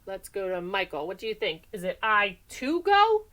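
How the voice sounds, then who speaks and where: A woman teaching a recorded class lesson, animated and sing-song, calling on students by name in a classroom. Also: mid-range voice, normal speed, few pauses. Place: classroom with whiteboard.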